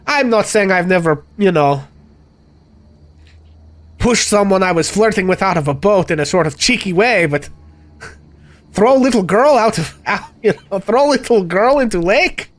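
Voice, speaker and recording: Man performing a blunt, suspicious village father with broken speech, raised pitch. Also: lively intonation, slow, pauses often. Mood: incredulous. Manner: blunt, incredulous, drops small words.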